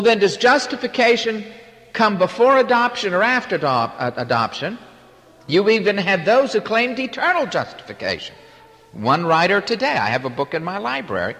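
A man preaching a sermon, emphatic, swinging between loud declarations and quiet asides. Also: high-pitched. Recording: hall reverb.

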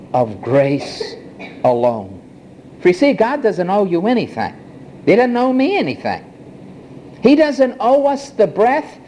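A male preacher delivering a sermon with deliberate, drawn-out pacing and long pauses. His voice is mellow and dark, and his pitch swings widely as he builds emphasis. A faint hiss sits behind him. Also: poor audio.

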